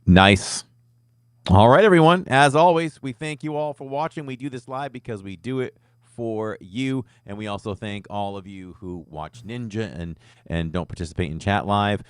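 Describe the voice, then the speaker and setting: Deep smooth-voiced guy hosting a podcast, upbeat sign-offs, dry close mic. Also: moderate pace, no echo. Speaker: podcast host. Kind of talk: casual live podcast chat.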